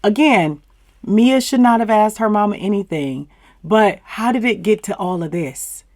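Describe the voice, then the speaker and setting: A woman's voice: medium pitch, a little slow, darkish tone, no room sound, clean studio sound. A woman hosting a casual recap channel, sassy and emphatic, with slangy turns of phrase and mocking laughs. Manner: sassy, emphatic, uses southern slang like "plumb fool". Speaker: commentary channel host. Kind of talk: casual reality-TV recap commentary.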